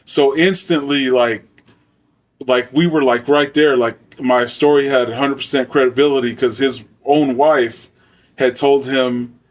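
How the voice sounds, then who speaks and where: Brief: Arizona man, casual profane storyteller, mid-pitched, mic a little distant. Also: steady tone, unhurried. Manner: loose, slangy and profane, with frequent fillers. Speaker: storyteller, former soldier.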